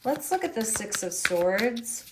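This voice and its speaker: Slow, musing woman reading tarot. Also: fairly high pitch, sing-song, noisy background. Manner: musing, unhurried, thinking aloud over cards. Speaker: tarot reader.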